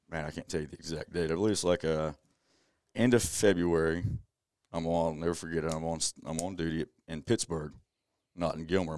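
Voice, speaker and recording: Brief: a young man, low voice, earnest podcast guest sharing a personal story, close and dry. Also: darkish tone, no room sound. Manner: earnest, conversational, many "you know"s.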